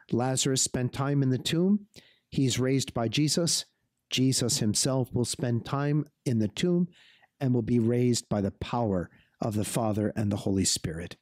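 A man's voice: mid-range voice, a little mellow, no echo, clean studio sound. A man who is a bishop, giving an earnest pastoral reflection on a gospel reading and calling his listeners "folks".

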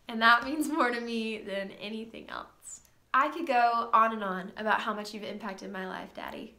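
Bright-voiced young woman, tearful tribute. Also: fairly high pitch, moderate pace. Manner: tender, reading from notes with frequent soft laughs. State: slightly tearful. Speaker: daughter giving a birthday tribute. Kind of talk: heartfelt tribute read from a list. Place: sunroom at home. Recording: roomy echo in a sunroom.

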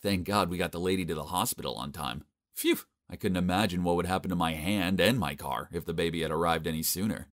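Young male narrator, deep voice, exasperated and complaining, scripted animated-story read. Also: fast.

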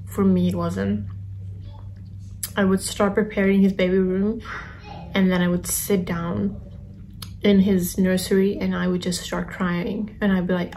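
Soft-spoken young woman, halting and confessional. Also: medium pitch, flat delivery, slight background noise. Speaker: vlogger. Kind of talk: personal storytelling while eating.

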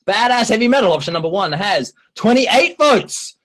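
Lively animated Australian man. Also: high voice, normal speed. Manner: animated, jokey, playful broken-English bits. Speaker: livestream host. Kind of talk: casual livestream chat.

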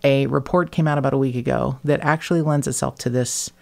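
A woman's voice: very deep voice, steady tone, fast, vocal fry, a little mellow. Blunt, sarcastic Midwestern woman host. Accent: Midwest General American. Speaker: podcast host. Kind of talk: casual podcast chat.

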